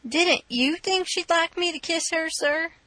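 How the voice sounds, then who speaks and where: A woman's voice: very high-pitched, unhurried, sharp tone, no echo, voice pushed up, full character voice. A woman reading an audiobook, voicing a cheeky boy who plays innocent in a mock-humble, sly pleading tone.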